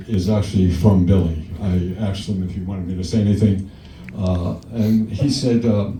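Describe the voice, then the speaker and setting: A man from Long Island gives a loose, joking speech at a hall of fame ceremony, chuckling as he tells his stories. His voice is mellow and dark, heard from far off in an echoey hall with faint noise behind him. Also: fairly low pitch. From Long Island, New York. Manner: joking, laughs between stories. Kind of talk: anecdotal speech at a podium. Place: large event hall.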